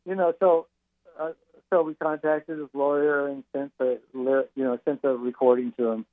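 A man's voice: mid-range voice, level tone, moderate pace, no room sound. Older man, interview guest by phone, loose talker full of "you know", tinny dry line. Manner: rambling, many fillers and restarts. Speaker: musician guest.

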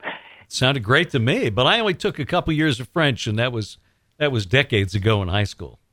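A man's voice: mid-range voice, lively intonation, a little fast, a bit bright, no room sound. Easygoing male radio host, dry sound. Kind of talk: friendly interview questions.

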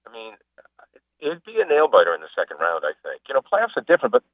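A man chatting casually as a guest on a radio show, an animated storyteller who mimics the people he describes. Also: mid-range voice, fast, dry recording. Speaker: sports broadcaster and guest. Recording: phone line.

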